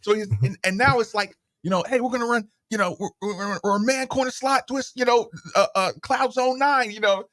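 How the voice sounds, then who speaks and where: A middle-aged man hosting a sports radio show, telling stories in a casual, animated way and acting out the voices of the people he quotes, into a studio microphone. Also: very high-pitched, fairly quick, hardly any pauses.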